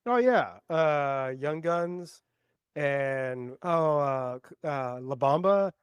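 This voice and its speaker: A man's voice: fairly high pitch, drawn-out words, clean tone, no room sound. A man co-hosting a podcast, chatting casually and dropping dry jokes. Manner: joking, deadpan quips. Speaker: podcast co-host.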